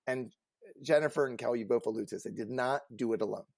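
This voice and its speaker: A man co-hosting a casual panel talk as a career coach, earnest and emphatic, growing animated as he tells stories. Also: medium pitch, fast talker, creaky, no room sound.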